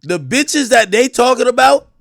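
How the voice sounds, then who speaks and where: Reacting to clips on his livestream, a man from Jamaica launches into loud, crude, laughing rants full of profane comedic commentary. His voice is very high-pitched with lively intonation and vocal fry, at normal speed. It's a dry recording with clean studio sound.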